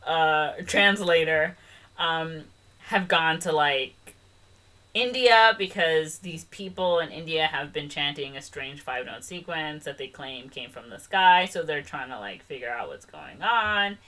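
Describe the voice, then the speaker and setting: A woman's voice: low voice, lively intonation, a little slow, sharp tone. A young woman co-hosting a podcast, retelling a film in casual, rambling chat with lots of "like" and "um". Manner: chatty, rambling retelling full of "like" and "um". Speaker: podcast co-host.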